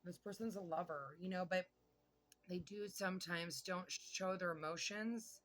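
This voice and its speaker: A woman giving a casual tarot reading, chatty and excitable, thinking aloud and swearing now and then. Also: fairly low pitch, a little slow. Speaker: tarot reader.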